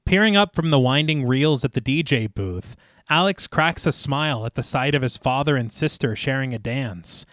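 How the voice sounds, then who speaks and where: A man's voice: on the high side, no echo, clean studio sound. A man hosting a horror podcast, narrating a film's plot and chatting casually. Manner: lively, reads plot recap then jokes. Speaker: podcast host recapping a film. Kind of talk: casual chat and film recap narration.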